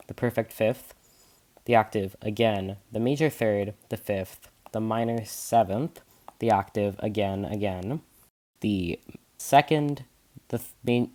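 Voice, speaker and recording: A man's voice: on the low side, a little mellow. A teenage boy presenting a scripted science lesson, earnest and explanatory, stumbling over a few words. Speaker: student presenter. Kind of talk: scripted educational narration.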